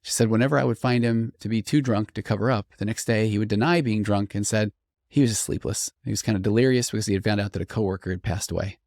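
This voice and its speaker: A middle-aged man with a low, gravelly voice talks through listener stories on a podcast, earnest and reflective, turning lively when he quotes others. The sound is dry and close to the mic. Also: fast, dry recording. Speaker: podcast host, therapist. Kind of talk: conversational podcast monologue reading listener stories.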